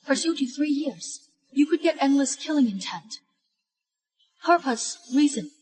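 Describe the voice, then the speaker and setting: An actress playing a cold, scheming woman in disguise in an animated drama, lecturing in a scornful tone. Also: high-pitched, measured pace, rough recording.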